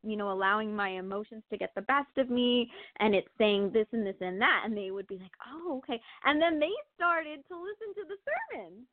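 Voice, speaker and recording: A woman's voice: fairly high pitch, brisk, no room sound. Chatty woman on a tinny line. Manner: animated, laughing, lots of fillers. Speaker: guest sharing testimony. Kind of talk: casual testimony chat. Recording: tinny phone-like line, dry.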